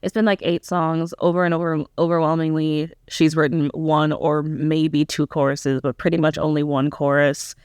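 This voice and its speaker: A woman's voice: low voice, little pitch movement, normal speed, hardly any pauses, a little mellow, smooth, dry recording, studio quality. Chatty young woman reviewing pop music. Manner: chatty, hesitant, full of "um" and "like"; candid, self-questioning critique. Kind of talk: casual reaction commentary.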